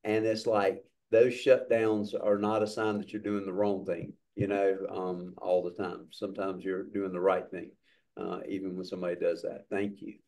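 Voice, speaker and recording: Low-voiced man as church class leader, encouraging and upbeat over a video call. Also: level tone, normal speed, darkish tone.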